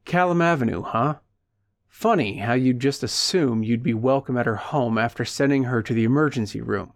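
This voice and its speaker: A cold, calculating hired punisher, calm and firm, every word measured, as a male narrator plays him. The voice sits at an ordinary pitch, recorded dry and close. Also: no echo, natural voice. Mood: cold menacing.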